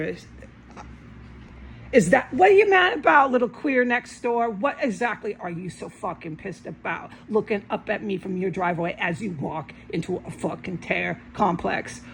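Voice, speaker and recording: A woman vlogger films herself indoors at home, delivering an angry, rambling monologue to the camera, agitated and swearing heavily. Her medium-pitched voice is gravelly, and the poor audio carries slight background noise.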